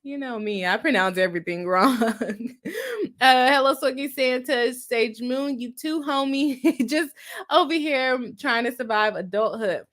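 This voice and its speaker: Bright-voiced woman chatting on a livestream. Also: high voice, measured pace. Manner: laughs often, chatty and self-deprecating. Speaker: lawyer and livestream host. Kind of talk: casual livestream chat reading comments.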